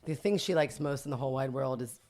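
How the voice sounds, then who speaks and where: Chatty low-voiced middle-aged woman. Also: fast, darkish tone. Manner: chatty, laughing, self-mocking storyteller. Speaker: boutique owner, podcast guest. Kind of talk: casual interview storytelling.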